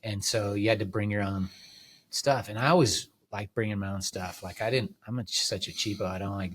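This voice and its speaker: A man's voice: lowish voice, steady tone, a little fast, fairly bright tone, husky. A middle-aged man chatting as a podcast guest in a laid-back, rambling way, full of "like" and "um". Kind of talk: casual chat.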